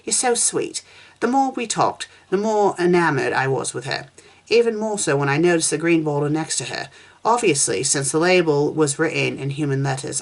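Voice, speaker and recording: A woman reading a first-person fan story aloud at a steady pace, with small slips and restarts as she goes. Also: sits low. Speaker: fanfiction reviewer.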